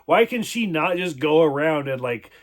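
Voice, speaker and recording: A man's voice: on the high side, expressive, normal speed. A man giving a casual spoken review of a TV episode, rambling, swearing freely and filling his talk with "like". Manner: rambling, profane, many "like" fillers.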